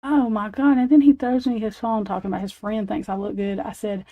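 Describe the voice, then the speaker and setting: Foul-mouthed woman in her forties, mellow. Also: mid-range voice, steady tone, a little fast, few pauses, rough recording. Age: 40s. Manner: profane, rambling storytelling with laughs. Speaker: livestream host. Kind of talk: casual late-night chat.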